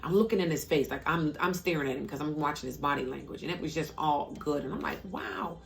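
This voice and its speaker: A middle-aged woman vlogger telling a personal story in a casual, animated way, acting out what others said. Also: fast, vocal fry. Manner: animated storyteller, acts out quotes in a higher voice. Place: parked car.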